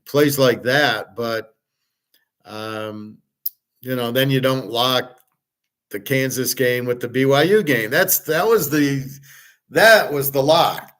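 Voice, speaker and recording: A sports betting show host with a medium-pitched voice runs through his picks, rambling with excited energy. He curses casually and trips over his own restarts.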